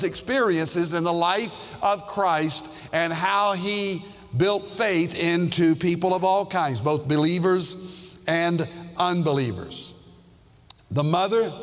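A man preaching a sermon as a pastor, his voice set slightly high for a man. He takes each phrase slowly and leans into the emphasis, putting questions to his congregation. A long hall reverb trails behind every line. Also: a bit bright.

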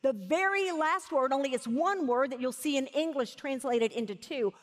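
A high-pitched woman preaches with emphasis and leans hard on key phrases. Her voice rings out with a long reverb from a large hall. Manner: emphatic, slows down to stress key words. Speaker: Bible teacher. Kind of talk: sermon.

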